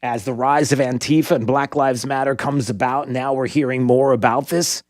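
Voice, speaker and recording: Male talk radio host, casual and rambling, middle pitch, dry close studio sound. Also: fairly even intonation, moderate pace, darkish tone, no room sound. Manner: rambling, many fillers and restarts.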